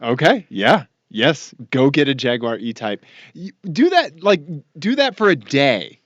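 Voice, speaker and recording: A male podcast co-host in casual chat, eagerly chiming in with quick agreement. His voice sits at a middling pitch. The recording is dry and close, with dull lo-fi quality. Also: sing-song, a bit bright, no room sound. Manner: eager, keeps chiming in with okays.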